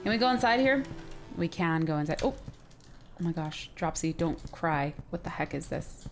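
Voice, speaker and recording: A woman hosting a let's play, chatting excitedly and often sounding confused as she plays. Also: deep voice, normal speed, faint music behind. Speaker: gaming video host.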